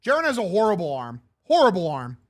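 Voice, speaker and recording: A high-voiced man calling a game live on his stream. He swears freely and sounds exasperated. His commentary is casual play-by-play. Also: huge pitch swings, fast. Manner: profane, exasperated. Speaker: livestream host.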